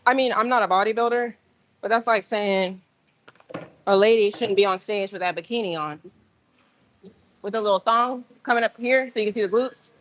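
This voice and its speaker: A woman hosting a casual livestream from a gym, talking straight to her viewers in an animated, rambling way. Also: mid-range voice, normal speed, pauses often, no echo. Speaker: livestream host. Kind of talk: casual live-stream chat.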